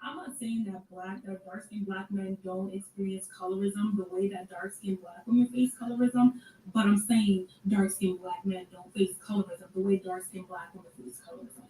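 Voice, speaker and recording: A woman giving casual commentary in a sarcastic, conversational way, with drawn-out asides. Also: mid-range voice, fairly even intonation, dark tone. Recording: echoey room, distant mic, faint noise.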